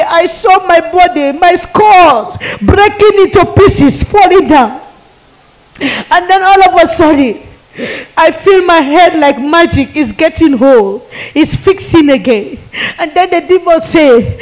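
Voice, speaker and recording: High-voiced impassioned evangelist woman. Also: lively intonation, normal speed, poor audio. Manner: emotional and pleading, often rising to shouts. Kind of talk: impassioned testimony sermon.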